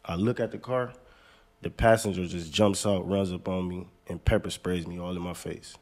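A man's voice: low voice, moderate pace. An American man, a basketball player, casually and laid-back telling a personal story as a guest. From United States. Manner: relaxed, laid-back, says "man" a lot.

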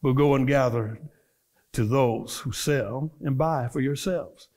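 A male minister preaching to a church congregation in a conversational style, quizzing his listeners with call-and-response questions and building from relaxed storytelling to fervent preaching. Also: medium pitch, slow pace. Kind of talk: conversational sermon. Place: church service before a congregation.

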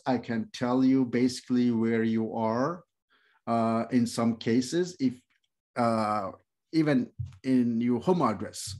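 Man, non-native speaker, first language Uyghur, middle-aged, classroom lecture, slow, many fillers, halting restarts. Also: medium pitch, a little mellow. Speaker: instructor.

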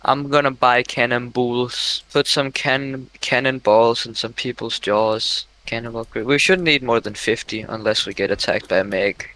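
A man's voice: mid-range voice, fairly even intonation, normal speed, few pauses, bright, forceful tone, poor audio. A young man hosting a gaming video, joking and rambling in casual chat while he plays.

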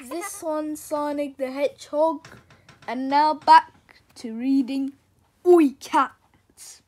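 A woman reading a rhyming bedtime story aloud in a playful, expressive way. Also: high-pitched, slow, heavy background noise. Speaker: children's storyteller.

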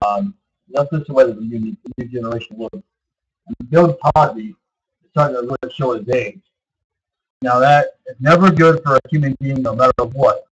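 A man's voice: mid-range voice, moderate pace, breathy edge, muffled recording. A man in his early thirties talking in a rambling, casual monologue to his viewers, full of fillers and repeats. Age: 30s. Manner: meandering, repeats himself, many fillers. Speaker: vlogger.

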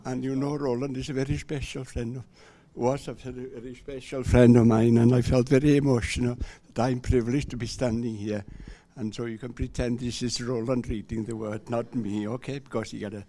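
A man's voice: medium pitch, flat delivery, a little fast, few pauses, dark tone. A Welsh man at a church service, chatting with a hesitant, self-deprecating manner before reading scripture. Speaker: scripture reader. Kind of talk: casual remarks before a reading.

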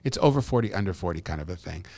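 A middle-aged man chatting as a podcast guest, telling lively stories and laughing as he talks. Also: low voice, very fast, no room sound. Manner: animated storyteller, laughs while talking. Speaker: guest, actor and comedian. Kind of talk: casual podcast chat.

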